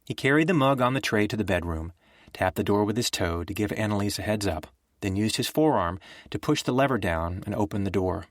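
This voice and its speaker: Male audiobook narrator, low pitch, dry close sound, measured delivery. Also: dry recording. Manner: even, measured storytelling.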